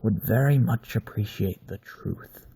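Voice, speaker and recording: A man's voice: lowish voice, measured pace, creaky, mellow, slightly rough, dry recording, voice pushed up, heavily acted. A man reading aloud and voicing a male werewolf killer who talks in a mock-fatherly, toying way, with sudden snarls. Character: male werewolf killer, deep smooth voice, fatherly yet cruel.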